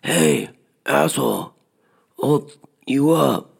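A man voicing a hungover, belligerent teenage guy who yells threats in a raised, higher voice. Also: steady tone, a little slow, creaky. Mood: angry threatening. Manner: yelling high threats.

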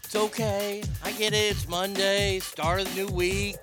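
A man in his fifties hosting a radio talk show, telling stories in a loud, joking, rambling way into a studio microphone. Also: high voice, level tone, measured pace, over music. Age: 50s.

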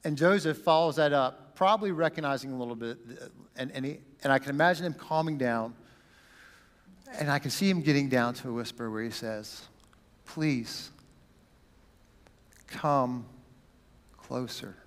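A man preaching a sermon, dramatic, swinging from loud bursts down to a near whisper. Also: on the high side, brisk, in a large hall. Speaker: pastor.

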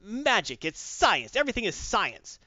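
A man's voice: high-pitched, wildly swooping pitch, normal speed, bright, forceful tone, dry recording, pitched above the performer's own voice, heavily acted. A crotchety male scientist who lectures with insistence, as a man voices him. The sound is dry and a bit dull. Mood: lecturing.

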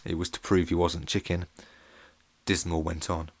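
A man's voice: low voice, normal speed. A man narrating a children's audiobook in a playful, jokey way. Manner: playful and jokey, with lively voices.

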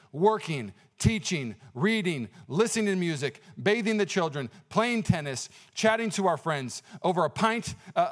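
Animated man preaching a sermon. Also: high voice. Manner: conversational and animated, with many fillers and restarts. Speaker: pastor.

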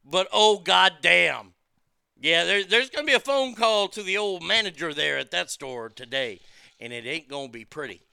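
A man's voice: sits high, lively intonation, normal speed, creaky, pushed and bright, clean tone, dry recording, studio quality. A man telling a story as a profane rant, stammering and repeating his words as he swears.

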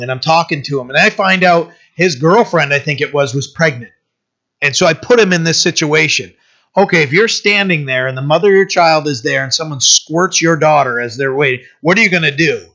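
Bright-voiced pastor preaching casually. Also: male voice, fairly high pitch. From United States. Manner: informal storytelling sermon, loose and personal. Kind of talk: conversational sermon. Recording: dull lo-fi recording.

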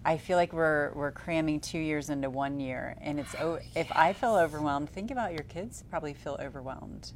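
A woman with a very low voice co-hosts a casual chat. She talks earnestly and rambles a little. A faint rumble sits under the recording. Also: normal speed, few pauses. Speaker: co-host.

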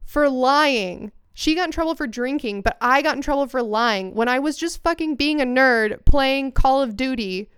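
Young female podcast co-host, high-ish smooth voice, dry and close, rambling casual storyteller. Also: moderate pace, few pauses, a bit bright, dry recording. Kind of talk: casual chat.

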